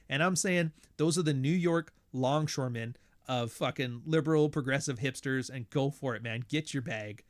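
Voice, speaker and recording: A man hosts a podcast with a casual ranting monologue, blunt, profane and sardonic, in a mid-range voice. Animated as he tells stories, he slips into quick impressions of other people.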